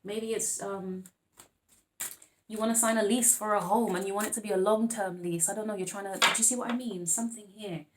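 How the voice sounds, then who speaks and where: A woman's voice: mid-range voice, fairly even intonation, a little fast, slight background noise. Woman tarot reader, casual monologue, playful and rambling, with lots of endearments and laughter. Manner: chatty and playful, laughing often, calling viewers babes and darling; rambling with frequent restarts.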